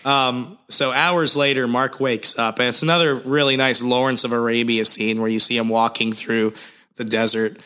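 A man's voice: mid-range voice, steady tone, normal speed, pushed and bright. A young man co-hosting a podcast, recapping a comic in a rambling, jokey way with lots of fillers. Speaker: podcast co-host.

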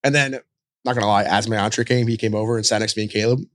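Fast-talking young man telling stories. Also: fairly low pitch, steady tone, a bit bright. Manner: rapid storytelling with lots of fillers and swearing. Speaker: podcast guest. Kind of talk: casual chat.

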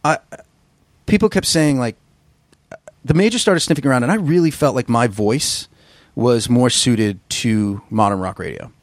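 A man who is a musician, telling stories in a casual interview, rambling and profane with a gruff voice. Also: mid-range voice, lively intonation, moderate pace, no echo. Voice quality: gruff singer's voice. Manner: rambling, profane, self-deprecating storyteller. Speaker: musician guest.

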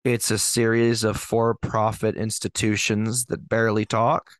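Male podcast co-host, slow and measured, hesitant, dry close recording. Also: lowish voice, little pitch movement, no room sound. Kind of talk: casual chat.

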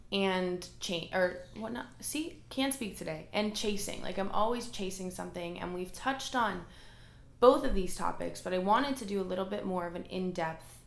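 A woman's voice: lowish voice, vocal fry. A woman hosting a solo podcast, talking candidly and emotionally about self-doubt in a casual way full of fillers, recorded in a room at home. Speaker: podcast host. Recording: roomy echo.

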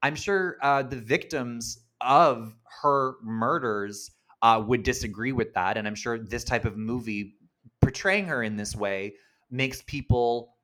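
A man co-hosting a casual film podcast, chatty and animated, quick to laugh and act out quotes. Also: mid-range voice. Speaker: podcast co-host.

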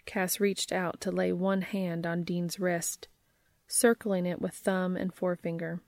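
A woman reads fiction aloud, soft and measured, in a low voice with a gravelly texture. The recording is dry and close, with no room sound. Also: little pitch movement, no echo. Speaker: narrator.

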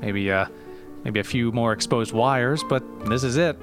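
A rambling, nostalgic old comedian host, as a man voices him in a comedy audio sketch. He stammers and restarts, drifting between fond memories at a middling pitch. Faint music plays underneath. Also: moderate pace, close to an everyday voice. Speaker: show host.

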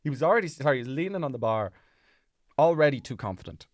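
A man's voice: lively intonation, quick pace, dry recording. Man, podcast co-host, casual rambling storyteller with a dry, close sound. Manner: rambling storyteller, drops his voice low and soft. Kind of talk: casual chat.

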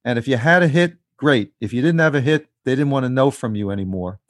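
A male interviewer talking in a measured, conversational way. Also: medium pitch, no echo, clean studio sound. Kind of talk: interview questions and commentary.

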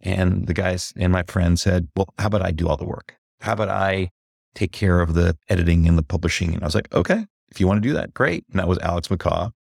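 A deep-voiced man with a gravelly, creaky edge talks as a guest on a podcast, open and reflective. The sound is close and dry, with no room around it. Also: no room sound. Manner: reflective, candid, slows to stress points and gets animated when recounting. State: briefly emotional. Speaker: executive coach, guest. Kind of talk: podcast interview.

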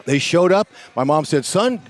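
An older man in his sixties with a slightly high voice tells sports stories in an excitable, folksy way. He throws in "man" a lot and keeps the energy up. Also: fairly quick, soft background music. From California. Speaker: guest broadcaster, former ballplayer. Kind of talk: animated storytelling in a sports talk interview.

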